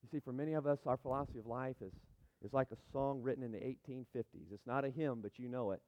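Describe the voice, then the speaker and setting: A man preaching a sermon, emphatic and building to loud peaks as he speaks. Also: medium pitch, fairly even intonation, fast. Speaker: pastor. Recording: dull sound, long hall reverb.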